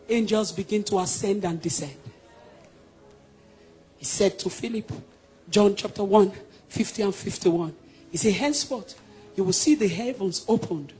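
A man from Nigeria with a Nigerian accent preaching a sermon, emphatic and swinging between loud declarations and hushed passages. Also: high voice, slight background noise.

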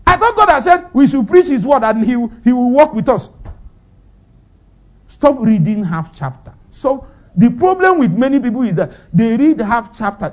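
A man's voice: very high voice, a little mellow. A man preaching a sermon, firing off rhetorical questions and breaking into laughter.

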